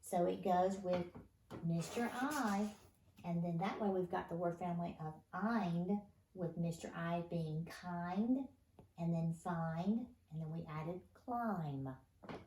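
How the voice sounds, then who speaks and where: A woman's voice: lowish voice, dark tone. A woman teaching a phonics lesson to first graders, patient and encouraging, answering the children's imagined replies. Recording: echoey room with faint noise.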